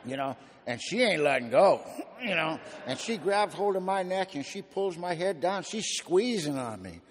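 A man's voice: on the high side, animated, moderate pace. Streetwise man telling his story in an echoey hall. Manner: gritty storytelling with streetwise slang and dry humor. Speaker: speaker at a recovery meeting. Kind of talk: personal testimony talk.

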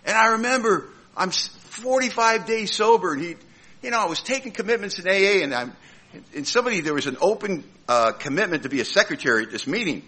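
Lively, bright-voiced man telling a funny story. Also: high voice, quick pace. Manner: comic storytelling, acting out other people's lines. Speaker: recovering alcoholic sharing his story at a meeting. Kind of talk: humorous personal recovery talk.

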